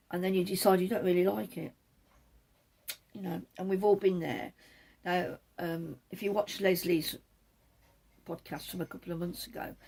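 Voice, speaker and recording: A woman's voice: on the low side, vocal fry, a little mellow, breathy edge. A woman hosting a knitting podcast from the back room of her home, chatting casually and wandering off topic now and then. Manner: rambling, self-deprecating, digresses. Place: back room at home, patio door open.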